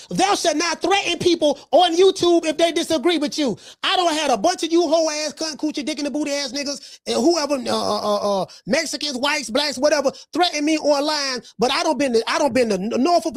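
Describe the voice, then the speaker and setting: A woman's voice: high voice, dry recording, studio quality. A woman hosting a podcast, delivering brash, profane boxing commentary with lots of repetition. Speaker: podcast host.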